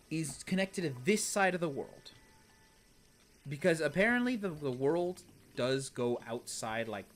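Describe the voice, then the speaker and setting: A young man commentating a video game stream, exasperated and talking to himself, swinging from low muttering to loud outbursts. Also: a little hiss or hum. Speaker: gaming streamer. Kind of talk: let's play commentary.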